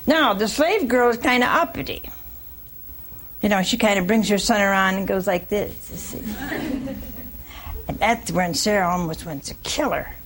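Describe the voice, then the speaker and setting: A woman preacher giving a folksy, animated sermon, throwing rhetorical questions at her listeners. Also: medium pitch, moderate pace, pauses often, a little hiss or hum.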